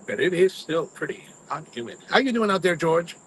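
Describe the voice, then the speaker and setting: A man with a somewhat high, very lively voice rambles casually through stories while hosting a cigar review. Faint noise sits under the recording. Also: a little fast, low-quality recording. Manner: rambling storyteller, mimics his own grumbling. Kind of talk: casual chat to live viewers.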